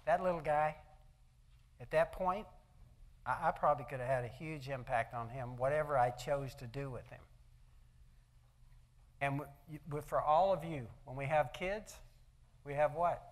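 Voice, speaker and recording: An older man speaks to an audience at an event, his voice sitting a little high for a man. His delivery is folksy and conversational, full of homespun stories. He keeps checking in with the crowd through rhetorical questions. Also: moderate pace, long pauses. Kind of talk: motivational talk with personal stories. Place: event hall.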